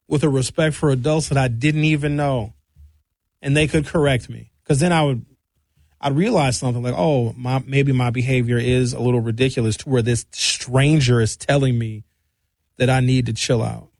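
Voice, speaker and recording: A man's voice: medium pitch, moderate pace, no echo. A man, talking in a casual monologue and acting out voices as he tells stories. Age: 50s. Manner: animated storytelling with shouted impressions.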